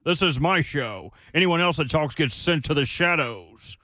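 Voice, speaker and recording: A man's voice: fairly high pitch, lively intonation, moderate pace, pushed and bright, no room sound, clean studio sound. A man doing a mock impression of a boastful male radio host who loves his own show. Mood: mock-grandiose.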